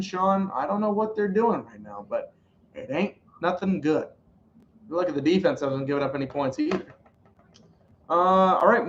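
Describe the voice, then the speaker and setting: A man hosting a casual live stream, reacting to a football game and calling plays in an excitable, rambling way. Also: reverberant, muffled recording, a little hiss or hum. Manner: excitable, rambling, pitch jumps on big plays. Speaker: sports live-stream host.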